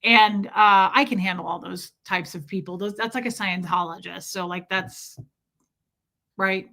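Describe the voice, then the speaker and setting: A woman's voice: mid-range voice, fairly even intonation, a little slow, vocal fry, pushed and bright. A middle-aged woman vlogger telling a story in a casual, blunt and profane way.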